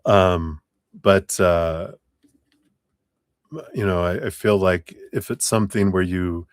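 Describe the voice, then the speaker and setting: Chatty low-voiced male tarot reader. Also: slow pace, dry recording, studio quality. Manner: chatty, laughs often, loose and rambling. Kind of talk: live-stream tarot reading. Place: home room with air conditioner.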